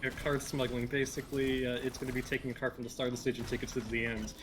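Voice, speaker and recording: A man's voice: medium pitch, level tone, fast, background noise. A man giving casual commentary on a speedrun, explaining mechanics with dry jokes and frequent stumbles over his words.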